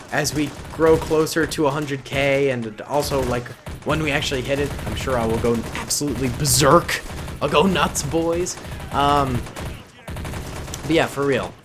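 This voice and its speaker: A man in his twenties giving excitable, goofy, chatty commentary over a battle simulation game. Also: medium pitch. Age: 20s. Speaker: gaming YouTuber. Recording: gunfire and battle noise under voice. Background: game gunfire and explosions.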